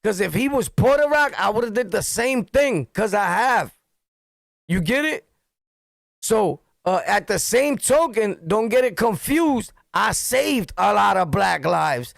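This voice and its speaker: A middle-aged man with a New York accent, a streamer telling street stories in a blunt, profane, animated monologue. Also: high-pitched, unhurried, gravelly, dry recording. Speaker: streamer and commentator. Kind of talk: heated street-talk monologue.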